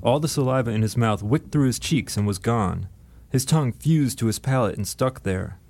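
A man narrating an audiobook in a steady, dry storytelling manner. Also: mid-range voice, normal speed, a little hiss or hum.

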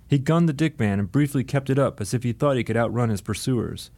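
Steady male audiobook narrator. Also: mid-range voice, a little fast, vocal fry, hardly any pauses.

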